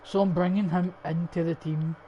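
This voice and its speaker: A man's voice: fairly high pitch, fairly even intonation, moderate pace, mellow. A young Scottish man giving casual, rambling, foul-mouthed commentary over a football game stream. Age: young adult. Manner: swears often, rambling and opinionated. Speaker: gaming streamer. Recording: dull lo-fi stream mic with faint hiss.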